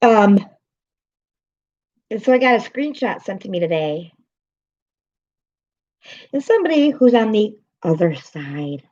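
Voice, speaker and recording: A woman's voice: medium pitch, big pitch swings, measured pace, long pauses, darkish tone, dull audio. A woman live streamer, upset and swearing as she vents to her chat and greets viewers by name.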